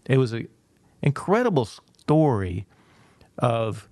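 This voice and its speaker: A man co-hosting a panel talk, telling a long story and acting out the people in it with lively quoted voices. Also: medium pitch, slow, dry recording. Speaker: podcast co-host.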